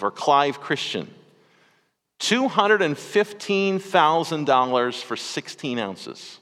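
A man's voice: medium pitch, fairly bright tone, big-room sound. A man preaching a sermon to his congregation in a conversational style, with small restarts and asides. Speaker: pastor.

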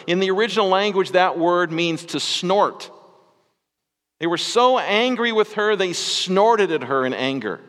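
A man's voice: high-pitched, lively intonation, measured pace, a bit bright, long reverb tail. A man preaching a sermon to his congregation in a conversational style, with small restarts and asides. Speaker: pastor.

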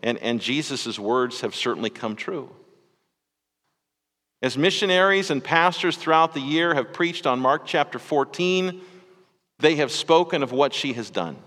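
A man's voice: a little high, animated, a little slow, fairly bright tone, big-room sound. A man preaching a sermon to his congregation in a conversational style, with small restarts and asides. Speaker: pastor.

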